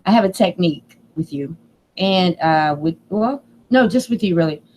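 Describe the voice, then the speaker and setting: A woman's voice: fairly low pitch, expressive, normal speed, darkish tone. A middle-aged woman, mother of grown children, hosting a casual live stream, rambling, emotional and laughing often. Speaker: channel host.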